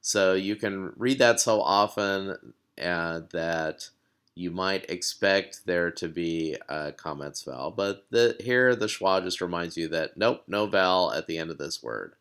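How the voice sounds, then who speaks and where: Man, deep voice, unhurried delivery, patient language lesson, explanatory. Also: expressive, fairly bright tone, clean tone. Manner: patient, explanatory, with fillers and repeats. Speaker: language teacher.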